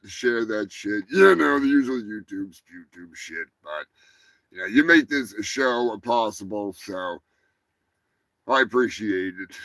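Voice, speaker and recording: A man hosting a live stream, rambling crudely through his sign-off and laughing as he talks, high. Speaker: host.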